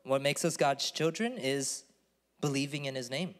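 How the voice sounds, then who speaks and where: A man's voice: mid-range voice, moderate pace, long reverb tail. A man pastor giving a conversational sermon in a church, earnest and emphatic, at times calling on the congregation to repeat a word.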